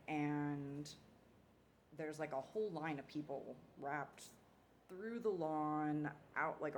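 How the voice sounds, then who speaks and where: Woman, deep voice, rambling casual dream story, drops the odd swear word. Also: a little hiss or hum.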